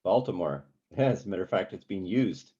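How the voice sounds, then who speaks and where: A man leading a community songwriting workshop, talking in a relaxed, halting way with many ums and sung examples. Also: sits low, husky, lo-fi sound. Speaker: songwriting teacher.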